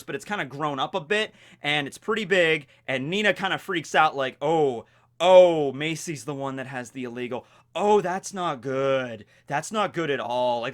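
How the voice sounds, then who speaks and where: A young man hosting a video, casually recapping a manga chapter in an animated, rambling way. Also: a little high. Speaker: video host reviewing a manga. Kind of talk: casual chat.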